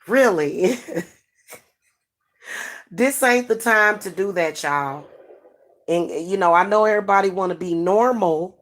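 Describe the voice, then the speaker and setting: A woman's voice: mid-range voice, measured pace, long pauses, fairly bright tone. A middle-aged woman, talking frankly and casually to her viewers, with many restarts and fillers. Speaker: spiritual advisor and channel host.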